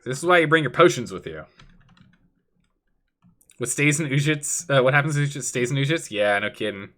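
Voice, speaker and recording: A young male streamer giving casual gameplay commentary, excitable, laughing often, with many fillers. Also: medium pitch, brisk.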